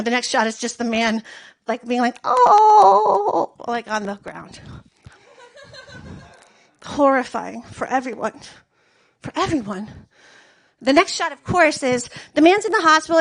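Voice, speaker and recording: High-voiced woman doing rambling stand-up. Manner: rambling, deadpan storytelling with filler words. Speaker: stand-up comic. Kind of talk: stand-up comedy set.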